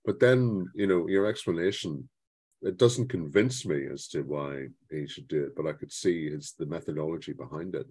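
A man co-hosting a podcast, giving his opinions on films in a measured way with hesitant restarts. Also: rumbling low, a little mellow, husky, dry recording. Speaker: podcast co-host. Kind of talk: casual film discussion.

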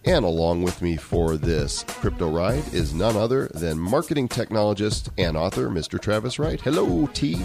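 A man hosts a chatty podcast with a very low voice that rises and falls a lot. He keeps things playful and jokey, breaking into sing-song lines. Faint music plays behind him. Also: sing-song, moderate pace, gravelly, hardly any pauses. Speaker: podcast host. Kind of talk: casual podcast chat.

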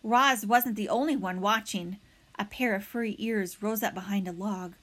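A woman reading a children's novel aloud as narrator, with expressive storytelling. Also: mid-range voice, moderate pace.

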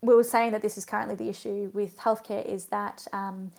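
A woman's voice: medium pitch, level tone, fairly quick, creaky, darkish tone. A woman with an Australian accent, a physiotherapist guest in casual podcast chat, telling stories chattily and laughing as she goes.

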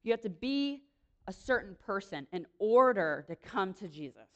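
A young woman speaking to a room, giving a lively, chatty sermon full of quick self-deprecating asides. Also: mid-range voice, dull audio. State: pregnant. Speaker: speaker at a church or campus gathering. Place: room with an audience.

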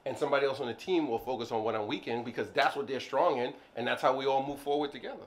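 A man talking casually about his business, rambling and playful, with lots of "like, I don't know" and sudden jumps when he jokes. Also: racing. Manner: animated, jumps high when joking. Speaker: business owner, co-host. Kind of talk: casual chat.

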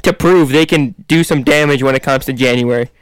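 A man's voice: medium pitch, a little fast, clear, resonant tone, no echo. A man, making confident football picks in a casual sports podcast chat. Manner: confident, opinionated, talks in long runs.

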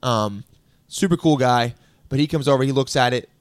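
A man casually telling a story on a podcast, laid-back and deadpan, quoting people in a flat, low voice. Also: normal speed, no echo, clean studio sound.

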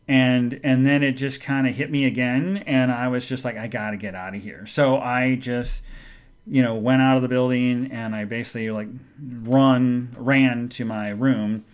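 A middle-aged man tells a personal story on his podcast, rambling through restarts and trailing phrases. His voice sits at an ordinary middle pitch and often drops soft and subdued with emotion. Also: smooth. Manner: rambling, halting, full of restarts. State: emotional, subdued when speaking of his mother. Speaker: podcast host.

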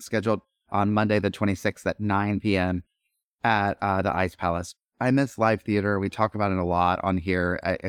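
A middle-aged man, an actor and podcast guest, telling stories in animated, rambling chat full of fillers and restarts. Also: fairly low pitch, dry recording, studio quality. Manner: animated, lots of fillers and self-interruptions. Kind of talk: casual storytelling chat.

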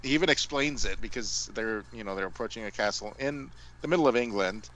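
A man's voice: on the low side, brisk, fairly bright tone, poor audio. A man in casual podcast chat, hesitant and self-deprecating.

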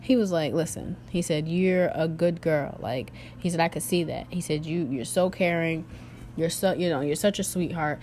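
A young woman tells a personal story casually to her viewers. She is animated, full of fillers, and drops into a lower voice when she quotes others. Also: moderate pace, slight background noise.

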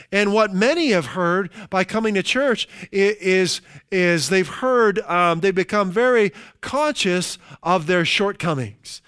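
A middle-aged male pastor preaching with a high, smooth and resonant voice. He slows down to stress key phrases, then eases into chatty, everyday asides. The sound is dry and close. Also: a bit bright, no echo. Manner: slows down for emphasis, conversational asides. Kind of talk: sermon.

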